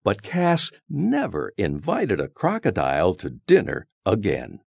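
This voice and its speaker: A man with a low voice reads a children's story aloud at a slow, unhurried pace. His delivery is expressive and sing-song, swooping widely in pitch. The recording is dry and close. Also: vocal fry, husky, dry recording.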